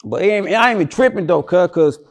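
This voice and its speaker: Gravelly young man telling a rough story. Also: sits high, animated, fast talker. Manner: slangy, rambling, repeats words. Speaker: guest. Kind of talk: casual storytelling interview.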